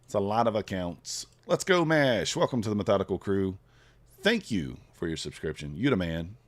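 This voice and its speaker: A man's voice: deep voice, animated, a little fast, darkish tone. A man trading live on a stream, thinking aloud in a laid-back, casual way and chatting with his viewers. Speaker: futures trader streaming live.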